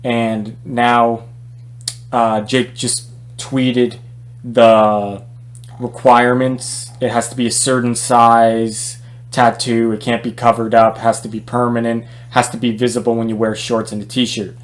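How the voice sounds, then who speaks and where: Male boxing vlogger, mid-pitched, opinionated and chatty, stumbles and restarts a lot. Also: little pitch movement, unhurried. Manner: conversational, opinionated, many fillers and restarts. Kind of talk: casual opinion vlog.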